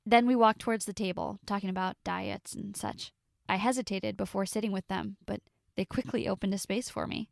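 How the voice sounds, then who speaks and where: A young woman tells her own story in a confessional way, pausing for drama. Her voice carries a steady gravelly fry. The sound is dry and close, with no room echo. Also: mid-range voice. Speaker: narrator. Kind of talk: first-person story narration.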